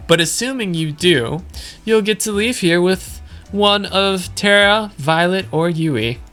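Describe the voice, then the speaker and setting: A man's voice: high voice, a little slow, a bit bright, faint music behind, voice pushed up. A man reading the lines of a wry organizer in a dating game, speaking with dry jokes.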